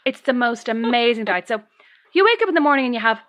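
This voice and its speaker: A woman's voice: fairly high pitch, quick pace. A woman, co-hosting a podcast and telling funny anecdotes in a casual chat. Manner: animated storytelling, laughing through anecdotes. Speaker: podcast co-host.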